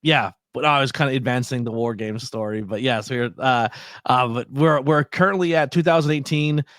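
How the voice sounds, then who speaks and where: Relaxed male podcast co-host, rambling. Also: mid-range voice, normal speed, no echo, studio quality. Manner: relaxed, rambling, laughs often, many fillers. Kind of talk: casual wrestling podcast chat.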